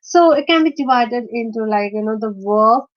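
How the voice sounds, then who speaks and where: A woman teaching in an online lecture, explaining step by step with many pauses, fillers and restarts. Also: on the high side, animated. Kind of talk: screen-shared online lecture. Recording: dull lo-fi recording.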